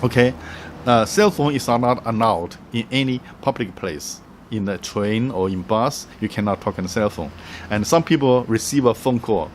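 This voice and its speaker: A man giving travel tips in a casual, halting way, with many fillers, restarts and frequent chuckles. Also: medium pitch, slight background noise. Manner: chuckles often, acts out little quoted voices. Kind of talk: casual explaining to camera.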